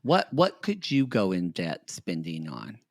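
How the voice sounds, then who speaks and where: A man's voice: deep voice, wildly swooping pitch, no room sound, clean studio sound. A man co-hosting a podcast, riffing wryly in casual chat about reality TV. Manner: wry, quick-witted riffing. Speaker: podcast co-host.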